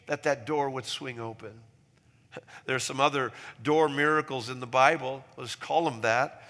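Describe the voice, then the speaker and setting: Pastor, male, bright forceful voice, sermon delivery with loud emphatic peaks, long hall reverb. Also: normal speed. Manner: preaching with sudden loud emphatic peaks and soft low asides.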